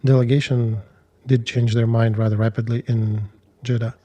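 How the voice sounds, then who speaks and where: A man commenting on the war with a dark, mellow tone. He talks in a measured, analytical way and makes blunt judgments. His pitch sits in the middle range for a man. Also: little pitch movement, lo-fi sound. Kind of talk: analytical discussion.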